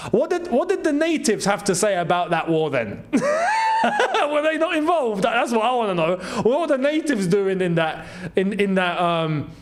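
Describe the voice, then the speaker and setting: A young man hosting a live football watchalong, reacting excitedly to play and reading viewer comments aloud with frequent laughs. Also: high voice. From Algeria. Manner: excitable, laughs often, reads chat aloud.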